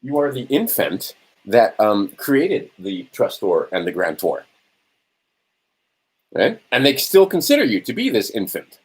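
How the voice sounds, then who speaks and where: Brief: man giving a casual lecture, low and husky, rhetorical, halting with fillers. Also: very animated, poor audio. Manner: rhetorical, keeps checking in with "right?"; answers his own questions, halting with fillers. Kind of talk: informal lecture to a small audience.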